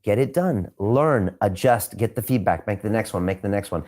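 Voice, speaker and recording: A man answering interview questions, emphatic and repeating his points for punch, sometimes turning quiet and reflective. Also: on the low side, lively intonation, moderate pace. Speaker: podcast host being interviewed.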